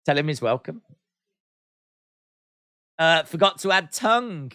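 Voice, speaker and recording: A man hosts a live watch-along stream, chatting casually, reading viewer comments aloud and answering them with playful teasing humor. His slightly high voice is very animated, pushed, bright, clear, and resonant at a measured pace. The studio-quality recording has no echo.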